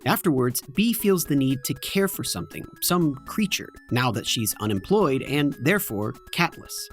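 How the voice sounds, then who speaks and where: A man's voice: mid-range voice, animated, normal speed, faint music behind. Wry man narrating a video essay. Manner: wry, joking asides. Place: home basement in front of green screen.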